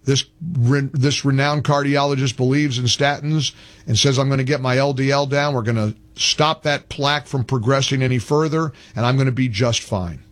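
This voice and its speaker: A man's voice: mid-range voice, steady tone, normal speed. An older man hosting a political talk radio show, delivering a heated, rambling monologue full of restarts and repetitions. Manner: heated, ranting, repeats himself, frequent restarts.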